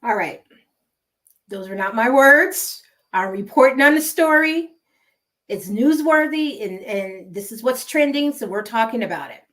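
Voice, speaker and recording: A woman's voice: a little high, expressive, a little slow, fairly bright tone. A woman with a West Coast American accent gives casual, emphatic gossip commentary and repeats words for effect. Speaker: gossip vlogger.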